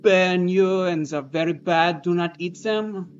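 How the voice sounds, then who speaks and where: A woman's voice: on the low side, a little slow, clean tone, lightly acted. Woman putting on a pompous French artist. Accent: put-on French. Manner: grandiose, self-important, dry. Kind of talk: improvised comedic role-play. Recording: dull lo-fi stream audio, faint music.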